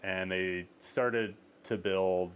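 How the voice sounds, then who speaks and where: A man hosting a casual interview, telling a travel story with lots of "like" fillers and rising excitement. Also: deep voice, drawn-out words, smooth. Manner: animated storyteller, many "like" fillers. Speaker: podcast host.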